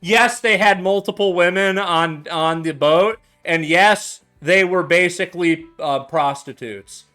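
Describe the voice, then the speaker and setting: Tipsy dude rambling slow at his home bar, high voice, laughs and swears a lot. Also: sharp tone, soft background music. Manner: loose, profane, laughs a lot. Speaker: streamer making cocktails. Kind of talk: casual chat.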